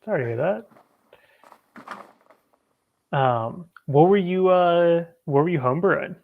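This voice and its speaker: Joking, relaxed stream co-host. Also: medium pitch, a little slow, gravelly, phone-quality sound. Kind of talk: casual chat on a livestream.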